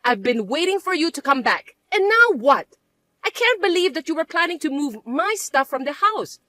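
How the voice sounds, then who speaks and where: A woman voicing a scheming, bossy middle-aged mother-in-law who talks in a shrill, accusing way. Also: very animated, moderate pace, pushed and bright, no echo, heavily acted. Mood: angry. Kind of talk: dramatized story voice acting.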